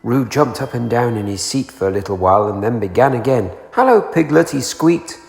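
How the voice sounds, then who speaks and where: A man reading a children's storybook aloud in an unhurried way, raising his pitch for the small characters. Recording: echoey room with long reverb.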